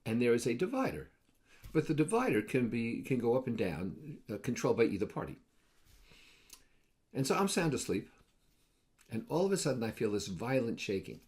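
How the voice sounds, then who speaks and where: A man's voice: medium pitch, sing-song, normal speed, long pauses, a little mellow. A man hosting a short advice video, telling casual anecdotes with wry, joking asides. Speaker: host of a daily advice video series.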